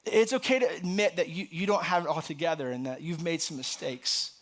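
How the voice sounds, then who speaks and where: A man's voice: a little high, a little fast. A middle-aged man preaching a conversational sermon as a pastor, lifting his voice for the scripture he reads. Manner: conversational and animated, rising sharply on scripture. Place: church sanctuary.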